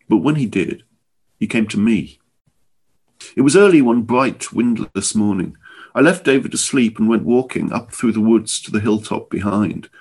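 A man reading his own short story aloud, in an expressive, measured storytelling manner. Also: on the low side, slightly rough.

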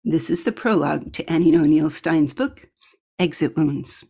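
A woman's voice: low voice, moderate pace, dark tone, slightly rough. A woman hosting a podcast, fondly introducing a reading to her listeners. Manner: fond, addresses listeners as darling. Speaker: podcast host.

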